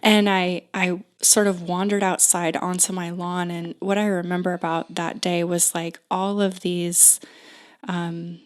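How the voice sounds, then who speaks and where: A woman in her thirties telling a personal story as a podcast guest, unhurried and full of "like" fillers and restarts. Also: fairly low pitch, flat delivery, clear, resonant tone.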